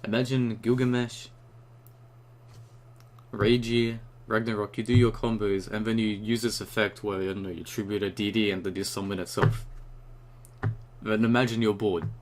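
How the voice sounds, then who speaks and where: A young man ranting casually and excitedly about a new card, rambling and swearing often, just after waking up. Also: on the low side, normal speed, pauses often, slight background noise. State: just woke up. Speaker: YouTuber reviewing a card.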